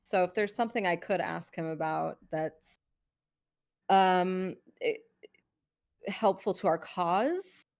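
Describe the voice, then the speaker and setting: A woman playing a tabletop game, speaking hesitantly with frequent pauses and fillers. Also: on the low side, darkish tone. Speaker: player.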